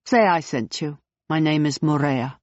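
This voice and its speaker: A narrator voicing a calm circus woman who explains things in a measured way, on a dull, dry recording. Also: low-pitched, dry recording. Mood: matter-of-fact.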